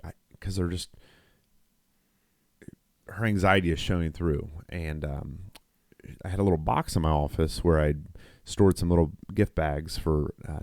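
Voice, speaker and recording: Middle-aged guy rambling through a story on a podcast, real low voice. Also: darkish tone, dry recording, clean studio sound. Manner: rambling, with many restarts and quoted dialogue. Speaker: podcast co-host. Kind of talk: casual storytelling chat.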